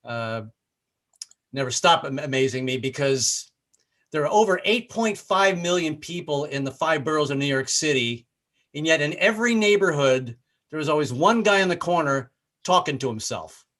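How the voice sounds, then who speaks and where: A man's voice: on the high side, lively intonation, moderate pace, a bit bright. A man from the American South doing a live-streamed stand-up set from his apartment, stammering through restarts. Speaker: stand-up comedian.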